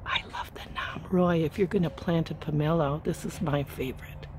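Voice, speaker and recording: A woman's voice: sits low, fairly even intonation, normal speed, background noise. A woman hosting a casual garden vlog outdoors, playful and chatty. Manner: playful, whispers at times. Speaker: channel host.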